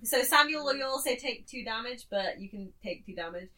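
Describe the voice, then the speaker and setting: A woman's voice: fairly high pitch, lively intonation, fairly quick, bright, forceful tone. A woman playing a tabletop game, chatting in a giggly, talkative way. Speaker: player. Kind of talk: casual tabletop game chat.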